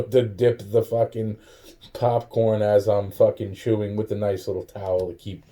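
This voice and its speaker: In his home kitchen, a drunk and tired man vlogs, rambling profanely into the camera with plenty of restarts and fillers. His voice sits on the low side and has a warm tone.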